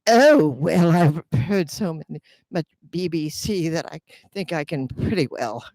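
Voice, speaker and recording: A cheerful woman chatting on the spot, her pitch swinging in a lively way. Her voice is dry and close. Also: measured pace, dry recording. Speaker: passerby guest. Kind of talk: casual chat.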